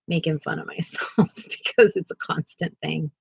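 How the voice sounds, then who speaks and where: Woman, husky voice, lowish pitch, casual livestream chat, dry close sound. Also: steady tone, moderate pace, no room sound, poor audio. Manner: chatty, self-deprecating, laughs often; cooing baby talk to a pet. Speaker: co-host of an art livestream.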